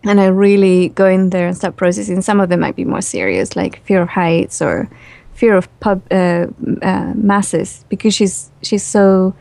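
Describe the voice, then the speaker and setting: A woman guest in a relaxed, chatty interview who laughs easily and uses lots of fillers. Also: mid-range voice, normal speed, gravelly, no room sound. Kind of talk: casual spoken interview.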